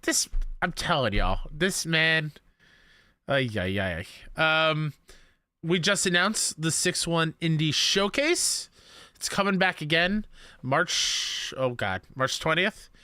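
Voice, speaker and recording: A man's voice: fairly high pitch, lively intonation, slow, bright, forceful tone, clean tone, dry recording, clean studio sound. A man co-hosting a podcast in casual chat, upbeat as he promotes things. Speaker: podcast co-host.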